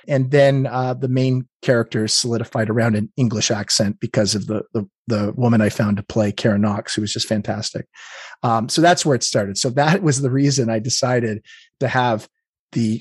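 A man's voice: mid-range voice, slightly rough, no echo, studio quality. A man from Canada, a game developer, talking through his choices in an interview, with many restarts and fillers. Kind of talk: interview, conversational.

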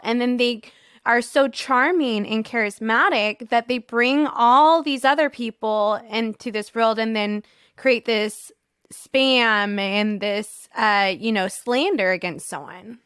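A woman hosting an interview, responding in a measured, sympathetic way. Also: fairly high pitch, fairly bright tone, clear, resonant tone, no room sound, studio quality. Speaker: interviewer, host. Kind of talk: conversational interview.

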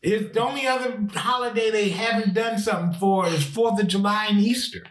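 A man's voice: sits high, steady tone, brisk, a bit bright. A man making provocative points and arguing them through in a casual podcast chat. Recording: echoey room.

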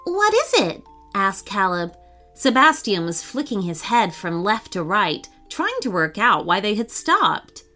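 A woman hosting a children's story show, reading aloud in an animated, expressive storybook manner. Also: medium pitch, unhurried, soft background music.

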